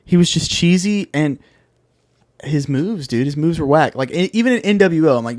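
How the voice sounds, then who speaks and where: A man in casual podcast chat, excitable and slangy about his opinions. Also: a little high, normal speed, dry recording, studio quality. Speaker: podcast co-host.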